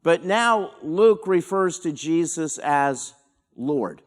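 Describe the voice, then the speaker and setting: A man speaking as a pastor, teaching a verse-by-verse Bible study in an unhurried, explanatory way with dramatic pauses. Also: fairly high pitch, expressive.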